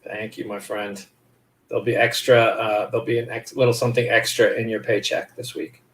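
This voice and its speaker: A man's voice: on the low side, flat delivery, a little fast, fairly bright tone, natural voice. A man playing a ruthless scheming politician. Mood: cold.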